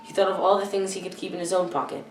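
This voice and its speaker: A woman's voice: on the low side, level tone, racing, a little hiss or hum. Teenage girl reading a storybook aloud. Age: teens. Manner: careful reading with frequent stumbles and self-corrections. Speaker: youth reader. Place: church hall. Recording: echoey room, far from the mic.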